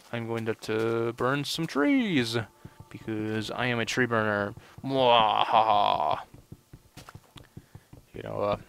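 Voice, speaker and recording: A man's voice: fairly low pitch, a bit bright, a little hiss or hum. A young man giving casual let's play commentary, rambling and full of "you know" fillers. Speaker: gameplay commentator.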